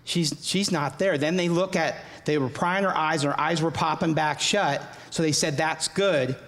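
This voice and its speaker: A man giving an earnest personal faith testimony, halting and often repeating his words. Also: a little high, fairly bright tone, big-room sound.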